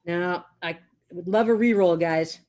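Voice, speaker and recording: A woman playing a tabletop game, eager and quick in her talk. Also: on the low side, darkish tone. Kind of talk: casual chat.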